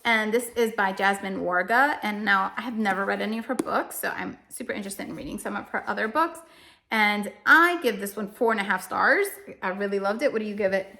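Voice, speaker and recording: Speaking a little quickly with vocal fry, this woman has a medium-pitched, bright voice and a forceful tone. In an emotional, self-deprecating way, the homeschooling parent reviews her family's reading in a loose, rambling chat, fixing her own words as she goes.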